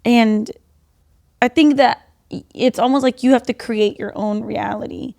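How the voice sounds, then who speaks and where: A young adult woman co-hosting a casual, faith-based podcast, talking earnestly and animatedly with quick bursts and soft drops. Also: on the high side, fairly even intonation, vocal fry. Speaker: podcast co-host.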